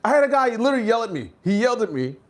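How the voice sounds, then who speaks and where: Animated stand-up comic, high and lively. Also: male voice, very fast. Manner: animated, acts out characters in high shouted voices. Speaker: stand-up comedian. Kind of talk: stand-up comedy set.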